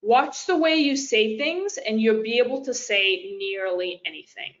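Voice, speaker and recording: Over lo-fi webinar audio, this business coach talks in a fairly high, fairly bright voice at an unhurried pace. Her live presentation is casual and direct, full of fillers, and she addresses listeners as "you guys."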